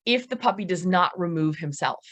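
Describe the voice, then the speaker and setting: A middle-aged woman, a dog trainer giving a seminar lecture, lively and emphatic, speeding up when she gets going. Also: on the low side. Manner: lively, emphatic, talks fast at times.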